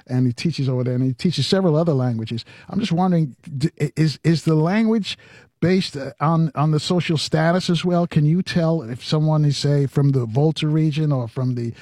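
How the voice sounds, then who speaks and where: A man hosting a radio interview, asking questions in a halting, animated way with lots of fillers. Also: a little high, no room sound, studio quality. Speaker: radio host.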